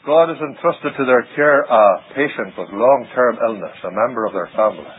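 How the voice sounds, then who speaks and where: A man preaching a sermon, dramatic, with sudden rises and hushed drops. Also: mid-range voice, lively intonation, moderate pace, breathy edge. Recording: tinny old radio broadcast.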